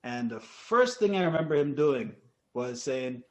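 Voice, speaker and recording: A man telling ghost stories in a casual podcast chat, animated and acting out the people he quotes. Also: medium pitch, unhurried. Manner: animated, acts out quotes, laughs often.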